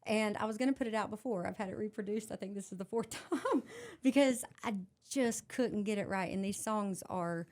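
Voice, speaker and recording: A woman's voice: mid-range voice, normal speed, darkish tone. A woman singer with a Southern US accent, tipsy and chatting as a podcast guest, laughing often and swearing freely. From North Carolina, US. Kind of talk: casual chat.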